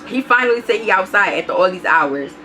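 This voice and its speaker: A woman vlogger with a child tells her story straight to the camera. She is blunt and swears freely, acting out both sides of an old argument in quotes. Her voice sits at a middle pitch, with faint background hiss. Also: expressive, brisk, pushed and bright. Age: adult, has a child. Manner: blunt, profane, retells arguments in quoted back-and-forth. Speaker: vlogger telling a personal story. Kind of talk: casual storytime monologue.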